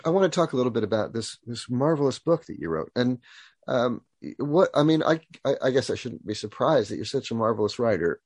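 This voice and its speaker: Husky-voiced male interviewer. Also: mid-range voice, very animated, brisk, a little mellow, no room sound, studio quality. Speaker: interviewer, host.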